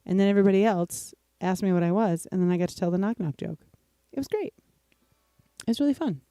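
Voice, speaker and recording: A woman's voice: mid-range voice, racing, warm tone, clear, resonant tone, no echo, clean studio sound. A woman chatting and joking with viewers between songs on a live stream. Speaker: host of a live music stream. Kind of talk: casual chat between songs.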